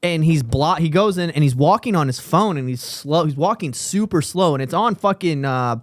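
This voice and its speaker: Profane young comic, dry close sound. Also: male voice, fairly high pitch, lively intonation, moderate pace, no room sound. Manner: casual, profane storytelling. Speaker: podcast co-host, stand-up comic. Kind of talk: casual chat.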